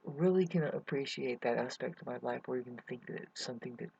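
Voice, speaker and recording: A man's voice: medium pitch, normal speed, vocal fry, husky, no room sound. A man rambling through a hesitant personal update to his viewers, full of fillers and restarts. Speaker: vlogger. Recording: dull lo-fi recording.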